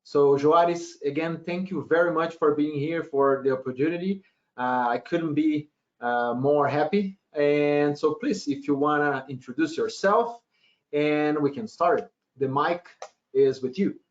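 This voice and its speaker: A man's voice: a little high, measured pace. A man moderating a webinar, introducing the guest speaker hesitantly with many filler sounds. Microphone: computer mic on a video call. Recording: dull lo-fi webinar audio.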